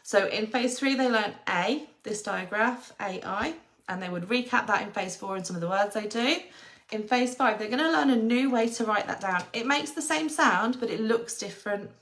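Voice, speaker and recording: Woman teaching phonics to parents, slow and patient, breaks words into sounds. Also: a little high, a bit bright. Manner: patient, sounds out letters slowly.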